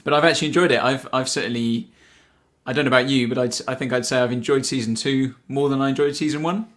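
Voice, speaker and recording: A man's voice: mid-range voice, steady tone, fast talker, fairly bright tone. A man co-hosting a casual livestream chat, talking loosely with frequent laughs and fillers. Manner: chatty, laughs often, many fillers and restarts. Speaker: podcast co-host.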